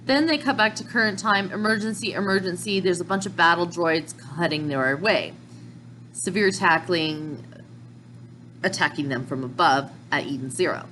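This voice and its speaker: A woman recapping manga chapters in a chatty, excitable tone, sometimes tripping over her words and restarting. Her voice sits on the low side for a woman. A faint hiss runs under the recording. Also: moderate pace, low-quality recording. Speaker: manga reviewer. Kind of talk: casual recap.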